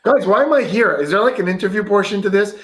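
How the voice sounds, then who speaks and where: A male guest on a livestream with a somewhat high voice. He talks in a playful, enthusiastic, joking way and tends to laugh through his lines. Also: lively intonation, fast, a bit bright. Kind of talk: casual livestream banter.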